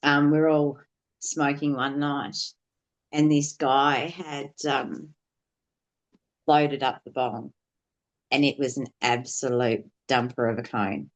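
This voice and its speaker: A woman's voice: extremely low pitch, fairly even intonation, slow pace, long pauses. A woman on a podcast, telling a personal story candidly, swearing freely and rambling with fillers. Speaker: podcast guest.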